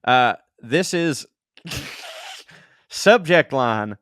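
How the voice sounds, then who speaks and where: Co-hosting a comedy podcast, a Southern US man pokes fun at himself while reading listener emails, punctuated by laughs and jokey asides. He has a mid-range, fairly bright voice at a moderate pace, recorded dry in studio quality.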